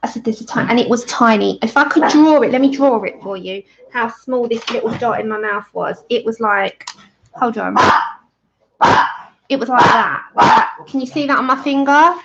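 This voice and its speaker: A woman's voice: a little high, moderate pace, vocal fry, highs cut off, heavy background noise. A woman, chatting casually as she colours on a livestream, laughing often and acting out a story. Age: 30s. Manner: chatty, laughs often, acts out her own story in quoted voices.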